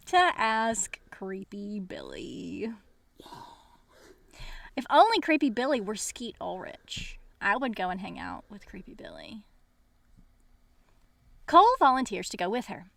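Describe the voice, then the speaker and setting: A woman's voice: fairly high pitch, sing-song, normal speed, vocal fry, fairly bright tone, no echo. A woman co-hosting a podcast, casually recapping a novel's plot with playful asides. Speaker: podcast co-host. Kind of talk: casual book discussion chat.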